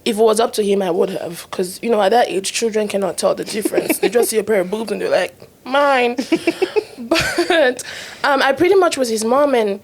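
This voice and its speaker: A woman's voice: medium pitch, brisk, husky. A young woman co-hosting a podcast, chatting casually and telling stories with frequent laughter. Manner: laughing, animated storytelling. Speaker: podcast co-host. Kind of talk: casual chat.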